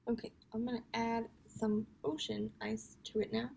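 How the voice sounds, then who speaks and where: A woman's voice: fairly high pitch, steady tone, measured pace, vocal fry, dark tone, a little hiss or hum. A young woman chatting casually through a makeup tutorial at home, giggling often and slipping into whispers. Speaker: makeup vlogger.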